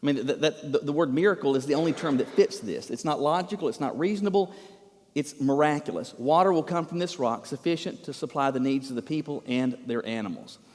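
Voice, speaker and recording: A pastor delivers his sermon with emphasis and a stream of rhetorical questions, his fairly high voice carrying a long reverb through the church sanctuary. He presses each point home to the congregation. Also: fairly quick, a little mellow.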